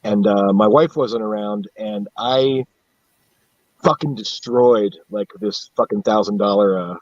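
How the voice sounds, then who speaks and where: A man's voice: lowish voice, a little slow, no echo, muffled recording. A man from central upstate New York, chatting casually and rambling, swearing a lot and laughing at his own stories. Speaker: guest on a live stream. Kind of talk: casual chat.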